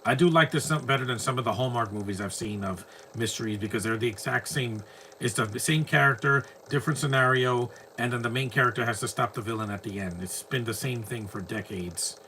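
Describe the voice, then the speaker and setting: Bright-voiced opinionated man ranting. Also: medium pitch, a little fast, a little hiss or hum. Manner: opinionated, ranting, rambling asides. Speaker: film commentary host. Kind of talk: casual film commentary over a movie.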